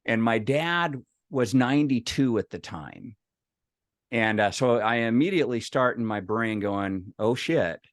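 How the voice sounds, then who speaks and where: A man's voice: medium pitch, measured pace, no echo, clean studio sound. Middle-aged man telling a folksy story. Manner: folksy storyteller who acts out the dialogue, with frequent restarts. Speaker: speaker at a professional meeting. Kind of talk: personal anecdote told to a group.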